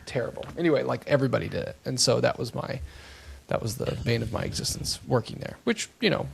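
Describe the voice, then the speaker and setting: A man co-hosting a podcast, telling stories in a rambling, animated way with lots of fillers. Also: mid-range voice, quick pace, creaky, slight background noise. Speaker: podcast co-host. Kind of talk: casual chat.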